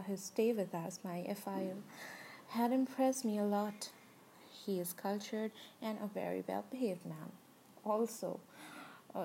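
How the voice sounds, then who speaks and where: Female narrator, warm low tone with vocal fry, confessional storytelling. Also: a little hiss or hum, rough recording. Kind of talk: first-person story reading.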